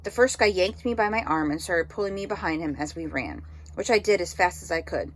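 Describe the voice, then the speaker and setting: Husky woman reading an audiobook. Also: fairly low pitch, expressive, brisk. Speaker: audiobook reader. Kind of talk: audiobook narration of a novel.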